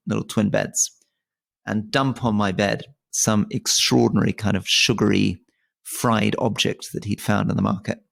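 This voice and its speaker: A man's voice: lowish voice, creaky. A man in his forties from Britain, co-hosting a casual conversation and often stammering and restarting his words. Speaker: podcast co-host.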